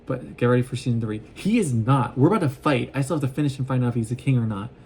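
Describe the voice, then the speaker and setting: A man casually recapping a show in an excitable, rambling way, often acting out what the characters say. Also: medium pitch, fast talker, slight background noise. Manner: excitable, gushing, acts out quoted lines. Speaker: vlogger recapping an anime.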